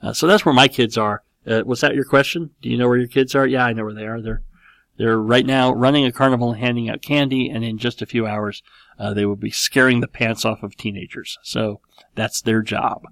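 Man in his 40s, gravelly voice, dry close sound, casual rambling storytelling, lots of ums and restarts. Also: medium pitch, fairly quick, no room sound. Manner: rambling, animated, with many fillers and restarts.

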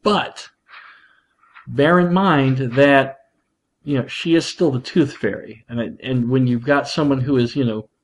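A man hosting a podcast, talking casually and excitedly, often laughing and restarting his sentences. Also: medium pitch, measured pace. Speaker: podcast host, father. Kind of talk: casual monologue.

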